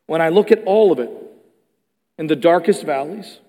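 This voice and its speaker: The sermon comes from a pastor whose voice runs slightly higher than the average man's, his words reverberating at length through a large church hall. He keeps a moderate pace, animated as he shifts between loud, emphatic sections and quiet, hushed ones.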